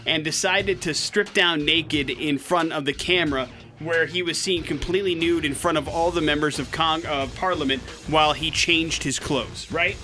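A man hosting a radio show, telling news stories as a lively storyteller with joking asides. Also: on the high side, moderate pace, hardly any pauses, faint music behind. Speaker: radio host. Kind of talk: casual radio banter. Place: radio studio.

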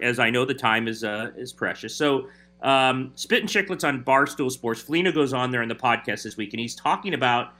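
Bright-voiced man telling a story. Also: medium pitch. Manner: animated storyteller. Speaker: hockey reporter. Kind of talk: casual chat.

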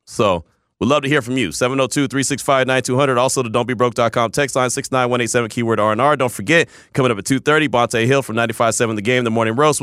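Sports radio host guy, bright voice, super lively, dry studio sound. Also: medium pitch, dry recording. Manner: animated, emphatic, repeats himself.

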